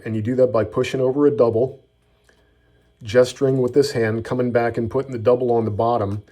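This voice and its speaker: A man's voice: mid-range voice, steady tone, brisk, a little mellow. Middle-aged guy, easygoing magic tutorial voice, folksy and chill. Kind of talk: storytelling patter then tutorial.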